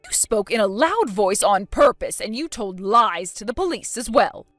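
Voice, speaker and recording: A woman's voice: medium pitch, animated, moderate pace, fairly bright tone, no echo, soft background music. A woman voicing a scheming, spiteful elderly grandmother in a texting story, talking defensively and full of self-pity. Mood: indignant. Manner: defensive, indignant, self-pitying.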